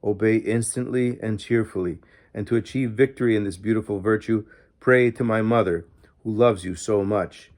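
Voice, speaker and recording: Guy reading jesus in an audiobook, soft fatherly advice, low-ish voice. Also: normal speed, lightly acted. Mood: tender. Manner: calm, tender counsel. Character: Jesus, gentle fatherly man speaking to a girl.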